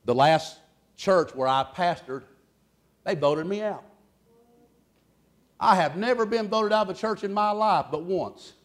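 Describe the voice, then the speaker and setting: A man preaching a sermon, loud and boisterous, telling folksy stories between points. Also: high-pitched, measured pace, pauses often. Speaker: pastor.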